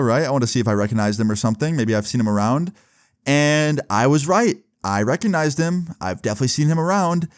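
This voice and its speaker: A young man telling a storytime vlog in an animated, profane, chatty way. His voice sits at a middle pitch, and the sound is dry and close. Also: no room sound. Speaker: video creator.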